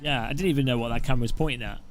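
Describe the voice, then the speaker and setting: A man's voice: mid-range voice, racing, soft background music. A man chatting casually on a live stream, answering viewers' questions in a rambling way with lots of fillers and asides. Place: home streaming setup with several webcams.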